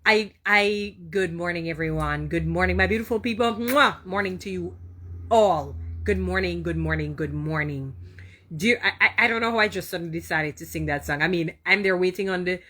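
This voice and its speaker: A woman's voice: lowish voice, fairly quick, bright, forceful tone. A woman from Jamaica, talking casually to her viewers as a vlogger, with an effusive, chatty way of greeting them. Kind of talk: casual vlog chat to viewers.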